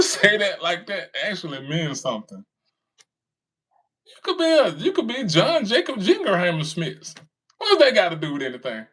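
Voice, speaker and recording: A man talks back to his commenters, mocking them and laughing often. His voice sits a bit high and swings widely up and down as he teases. It is casual, taunting commentary. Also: huge pitch swings, normal speed, sharp tone. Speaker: commentary streamer reading comments.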